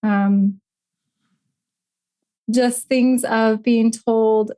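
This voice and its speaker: A middle-aged woman speaking as a podcast guest, her voice sitting a little high. She talks in an earnest, heartfelt way, moving from personal story into gentle coaching advice. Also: fairly even intonation, measured pace.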